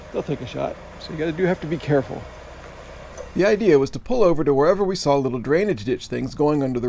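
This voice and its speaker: A man's voice: a little high, gravelly, darkish tone, a little hiss or hum. A man in a casual outdoor travel vlog, talking in a chatty, wry and self-mocking way. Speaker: travel vlogger. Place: outdoors by a swamp.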